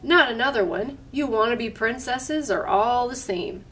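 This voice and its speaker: A woman's voice: fairly high pitch, animated, unhurried, fairly bright tone, distant mic. A woman reading aloud as a bored male castle guard who brushes visitors off curtly. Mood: dismissive. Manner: eye-rolling, curt.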